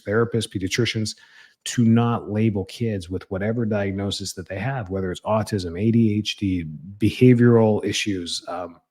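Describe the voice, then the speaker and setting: Earnest low-voiced man giving parenting advice. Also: dark tone. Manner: earnest, frequent restarts, acts out parent and child quotes. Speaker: chiropractor hosting a parenting talk. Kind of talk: casual advice talk.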